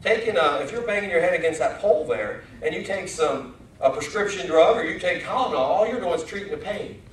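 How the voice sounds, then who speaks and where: Male pastor, high voice, chatty sermon style, echoey sanctuary recording. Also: lively intonation, brisk, slight background noise. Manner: conversational, folksy, with rising emphatic questions. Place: church sanctuary. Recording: echoey church from far off.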